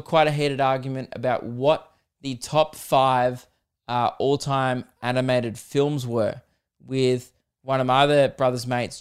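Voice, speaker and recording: A man's voice: mid-range voice, clean tone. Rambling, crude young man. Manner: rambling, crude and self-mocking. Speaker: podcast host. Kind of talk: casual solo podcast storytelling.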